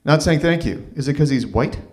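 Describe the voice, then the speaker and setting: A man's voice: on the high side, animated, fairly quick, close to an everyday voice. A man playing a belligerent heavyset older man, confrontational, faltering.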